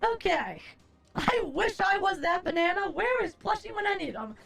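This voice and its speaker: A woman's voice: extremely high pitch, very animated, moderate pace, gravelly, fairly bright tone. A young adult woman streamer chatting casually on a live stream, rambling, exasperated and profane as she answers her chat.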